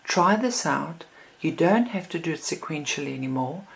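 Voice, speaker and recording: A woman with a deep voice explains how to read a card deck. Her voice has a gravelly edge, and she talks in a calm, reflective way, pausing to read sample card readings aloud. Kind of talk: instructional talk.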